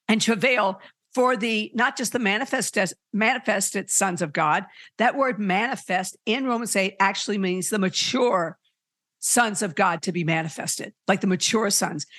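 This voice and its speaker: A podcast host teaching faith in a loose, preachy way. The delivery is earnest and animated, with frequent fillers and restarts, in a mid-range voice. The recording is dry and close, with no room sound. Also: mid-range voice, no room sound. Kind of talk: informal preaching.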